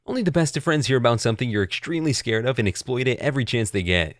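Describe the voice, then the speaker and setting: A man's voice: medium pitch, no room sound, studio quality. A man reading out stories in a scripted narration, adding brief comments of his own between them. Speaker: story narrator.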